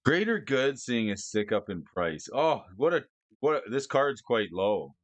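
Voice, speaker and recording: A man streaming casually, excitable and often stammering through restarts as he talks about cards and gifts. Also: medium pitch, a little slow, no echo. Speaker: streamer discussing card prices. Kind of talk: casual live-stream chat.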